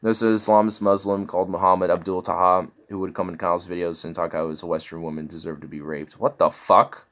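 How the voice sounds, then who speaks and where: A man's voice: low voice, level tone, quick pace, few pauses, a bit bright. A man casually reacting to online videos, mocking and incredulous, swearing freely as he clicks through.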